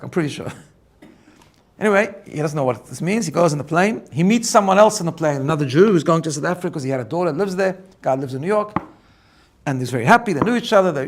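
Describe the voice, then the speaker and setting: A rabbi tells a story at a quick clip, his voice sitting a bit above the usual for a man. He is animated and doubles back on his words as the tale builds. He sounds middle-aged. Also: a little high. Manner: animated, repeats words when excited. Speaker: rabbi teaching personal growth. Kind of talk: storytelling talk.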